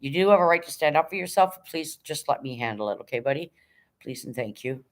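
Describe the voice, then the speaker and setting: A woman's voice: low-pitched, expressive, brisk. A woman hosting a casual livestream, firmly but politely moderating her chat and reading messages aloud. She sounds tired. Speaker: livestream host.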